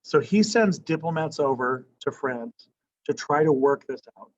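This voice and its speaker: A man's voice: on the high side, lively intonation, measured pace. Guy teaching history to a class, casual and chatty, keeps asking "right?", kinda dull lo-fi sound. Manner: conversational, asks the class questions, keeps saying "right?". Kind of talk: classroom lecture.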